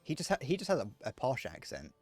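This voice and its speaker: A young streamer from Northern Ireland chats with viewers mid-game, rambling and laughing at his own gags. He talks fast in a mid-range voice with huge pitch swings, and faint music plays behind him.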